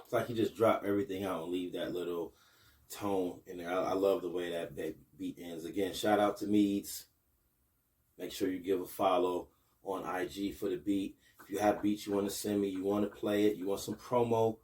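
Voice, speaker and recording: A man in his thirties from Buffalo, New York, hosts a casual podcast. His voice sits low and mellow, picked up a little way off from the mic. He talks to his viewers and gets more energetic when he pushes them to share the show. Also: normal speed, recorded from a distance. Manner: hypes up viewers, rising excitement with promos. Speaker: podcast host and basketball coach.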